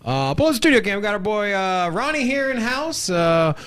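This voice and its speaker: High, lively hype man co-host. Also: moderate pace, clean tone. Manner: loud, playful, joking shout-outs. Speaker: co-host of a live crypto show. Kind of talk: hype livestream banter. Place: studio.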